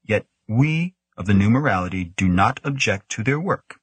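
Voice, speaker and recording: A man voicing a stern, brooding male official who speaks gravely. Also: lowish voice, lively intonation, moderate pace, no echo.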